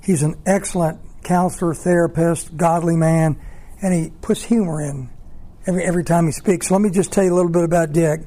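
A man's voice: a little high, fairly even intonation, fairly quick, mellow. A man from a ministry introducing a guest speaker and then leading a prayer.

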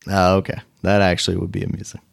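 A man's voice: deep voice, monotone, fast talker, creaky, no echo, clean studio sound. A man hosting a podcast in casual chat, laid-back and chuckling often. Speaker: podcast host.

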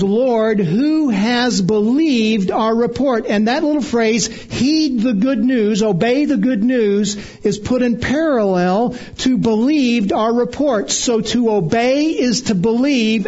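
A man preaching an expository sermon, measured and emphatic, repeating phrases and slowing on key words. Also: high voice, a little mellow, dull audio. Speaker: pastor.

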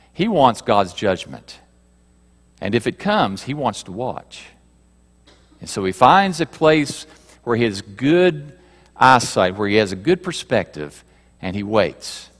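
A male pastor delivers a sermon at an unhurried pace. His voice rises and falls widely as he shifts between forceful emphasis and hushed asides, putting questions to the congregation. The sound carries a long hall reverb from the church around him. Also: on the low side, big pitch swings.

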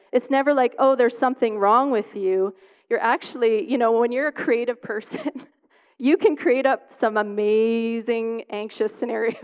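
Woman speaker, earnest testimony, fairly high smooth voice, lingering hall echo. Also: a little mellow. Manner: earnest, conversational, with light laughs. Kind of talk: personal testimony talk. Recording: long hall reverb.

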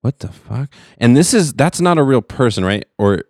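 A man co-hosting a casual podcast, talking in relaxed, laid-back slang and reacting to his co-host. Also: medium pitch, normal speed, dry recording, clean studio sound. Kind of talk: casual chat.

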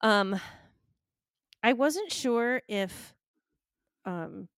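A woman's voice: fairly high pitch, lively intonation, drawn-out words, clear, resonant tone, no room sound, clean studio sound. A woman co-hosting a casual podcast chat, wry and teasing in her remarks. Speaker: podcast co-host.

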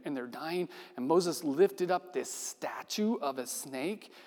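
Animated preacher in a reverberant hall. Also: male voice, a little high. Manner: conversational and animated, acts out quoted dialogue. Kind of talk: sermon.

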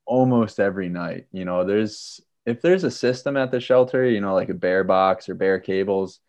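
A man from Pennsylvania telling a hiking story in a casual, animated way, acting out the lines of people in it and using lots of fillers. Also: low voice, normal speed, dry recording. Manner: animated, acts out quotes, many fillers.

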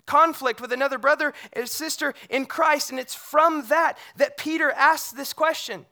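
Pastor, sermon delivery: bright, forceful tone, conversational, animated when retelling scripture. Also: high voice, moderate pace. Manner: conversational, checks in with the congregation using rhetorical questions.

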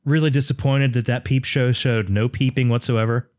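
A man's voice: mid-range voice, fairly even intonation, normal speed, darkish tone. A man co-hosting a casual movie-review podcast who asks earnest questions and states his views plainly. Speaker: podcast co-host.

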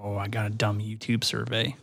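A man hosting a podcast in casual chat, animated and quick to laugh loudly. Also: fairly low pitch, creaky. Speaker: podcast host.

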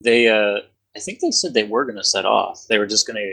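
A young man running a tabletop game as game master, relaxed and joking, thinking aloud as he goes. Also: lowish voice, a little fast, creaky, slightly rough, rough recording. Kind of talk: casual tabletop game narration.

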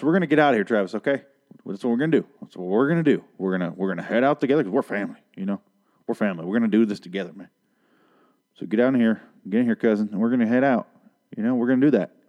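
A man's voice: medium pitch, darkish tone, natural voice. A man voicing a frantic woman with a put-on thick Southern US accent, pleading and repeating herself in a folksy way. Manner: pleading, repetitive, overly folksy.

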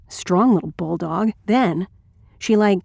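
Woman reading as a male ex-Marine narrator, blunt, wry, crude, audiobook narration, mid-pitched, dry sound. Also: takes it slowly, gravelly, darkish tone, breathy edge, dry recording, exaggerated voice.

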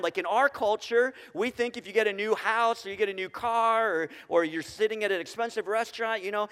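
A man's voice: high-pitched, a bit bright. Guy preaching a sermon in church, chatty, asks the crowd stuff, echoey hall. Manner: conversational, asks the congregation questions. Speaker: pastor. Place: church sanctuary.

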